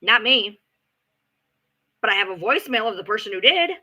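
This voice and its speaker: Woman, livestream host, sarcastic, profane, lively pitch, very bright voice. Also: moderate pace, rough recording. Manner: blunt, sarcastic and profane, animated storytelling. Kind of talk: ranting livestream chat.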